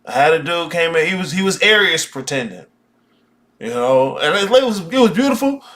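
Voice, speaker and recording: A man's voice: on the high side, lively intonation, brisk, fairly bright tone. A man teaching a magic class, talking bluntly and profanely in a casual rant.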